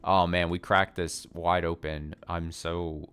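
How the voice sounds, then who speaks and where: A man's voice: sits low, level tone, takes it slowly, a bit bright, clear, resonant tone. A man giving casual gameplay commentary, thinking aloud, swearing casually and poking fun at himself. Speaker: let's play streamer.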